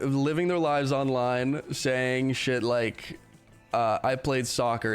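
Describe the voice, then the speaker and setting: A man's voice: mid-range voice, clear, resonant tone. A man livestreaming, ranting casually with heavy profanity and a rambling delivery. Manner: profane, rambling, laughs mid-sentence. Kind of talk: casual ranting stream chat.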